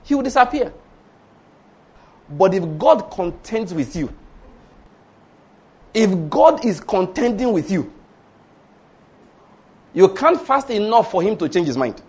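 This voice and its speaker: Male preacher, high voice, emphatic sermon storyteller. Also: sing-song, takes it slowly, pauses often, a little mellow, husky. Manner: storytelling, emphatic, rhetorical questions.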